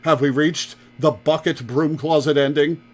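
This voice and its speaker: A man's voice: fairly high pitch, steady tone, moderate pace. A man streaming a video game, tossing out offhand, amused remarks as he plays. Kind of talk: casual game commentary.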